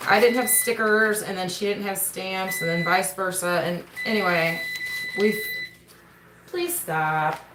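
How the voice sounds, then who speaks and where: Chatting from her table at home, a mother who hosts a homestead channel does a casual livestream mail call and keeps breaking off to speak to her kids. She has a mid-range voice, and background noise is present. Her camera rests on the table, and the room adds a roomy echo.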